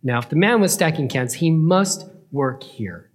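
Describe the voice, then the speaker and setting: Lively, slow-paced male storyteller. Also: a little high. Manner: lively, playful storyteller who chuckles. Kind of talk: storytelling Bible lesson.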